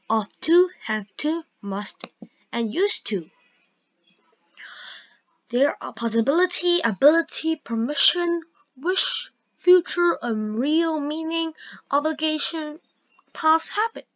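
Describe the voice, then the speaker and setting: A woman teaching a grammar lesson, reading example sentences aloud slowly and carefully. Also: high voice. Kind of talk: slow grammar lesson narration. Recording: dull lo-fi recording.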